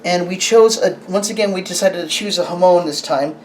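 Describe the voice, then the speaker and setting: A medium-pitched host, heard with a bit of hiss or hum, reviews a sword on camera. The delivery rambles and halts, with frequent restarts and questions directed at the camera operator.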